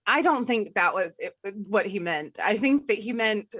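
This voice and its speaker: A woman's voice: medium pitch, expressive, normal speed, a bit bright, slightly rough, no echo, clean studio sound. A woman co-hosting a casual movie review podcast, talking in an exasperated way and laughing often. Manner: laughing, exasperated, takes notes. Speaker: podcast co-host.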